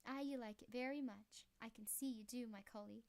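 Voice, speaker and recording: A woman's voice: a little high, steady tone, fairly quick, a little mellow, natural voice. A woman voicing a cunning older male gunman who talks in a sly, mocking country drawl.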